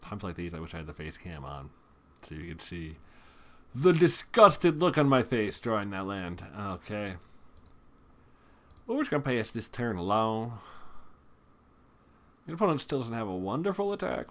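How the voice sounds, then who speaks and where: A male gaming host talks through his own card game in a relaxed, lowish voice. He groans at bad draws and drops wry, self-mocking asides. It sounds like a home desk mic over screen capture. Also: normal speed, pauses often. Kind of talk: casual gameplay commentary.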